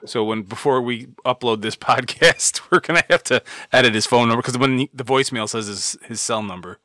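A man's voice: mid-range voice, fairly quick, sharp tone, dry recording, studio quality. A man hosting a podcast in casual banter, swearing and exasperated at his cohosts. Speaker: podcast host.

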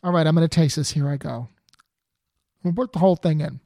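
A woman's voice: deep voice, a little fast, dark tone, no room sound, studio quality. A woman hosting a podcast, chatting playfully and exclaiming as she tastes food. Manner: playful, exclaims while tasting. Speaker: podcast host. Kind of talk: casual chat, tasting food on a podcast. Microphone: podcast mic, guest on video call.

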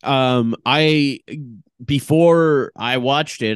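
A man's voice: medium pitch, unhurried, smooth, dry recording, studio quality. A man co-hosting a casual podcast, giving short reactions and playful jokes. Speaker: podcast co-host.

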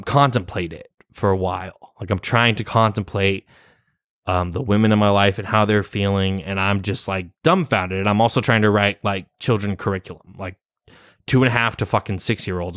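Young adult male vlogger, rambling and profane, low-pitched, dry recording. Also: a bit bright, dry recording. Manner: rambling, heavy cursing, nervous laughs. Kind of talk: casual personal story.

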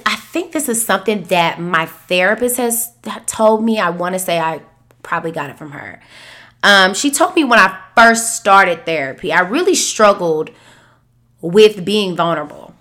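A woman in her thirties hosting a podcast, talking candidly about feelings, sometimes soft and sometimes animated. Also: lowish voice. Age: 30s. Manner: candid, expressive, shifts between soft and animated. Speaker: podcast host. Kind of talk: reflective solo podcast talk.

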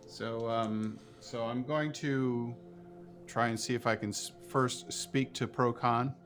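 A man playing a tabletop game, relaxed with dry humor. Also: mid-range voice, takes it slowly, faint music behind. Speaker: player. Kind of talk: casual tabletop play.

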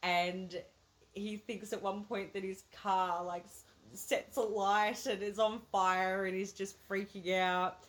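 A woman's voice: medium pitch, flat delivery, slow. A woman co-hosting a movie review podcast, recapping a film in casual chat, swearing freely and laughing often. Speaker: podcast co-host.

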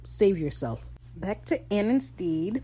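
A woman hosting a casual podcast episode recap, animated and slangy, swearing freely and laughing between lines. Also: medium pitch, slow pace, husky, poor audio. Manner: laughs while talking. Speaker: podcast host.

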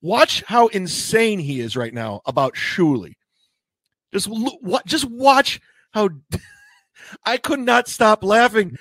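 Giggly man with a high, lively voice. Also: slow pace, no room sound. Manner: giggly, crude, keeps breaking into laughter. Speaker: streamer in a played clip. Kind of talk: casual live-stream chat.

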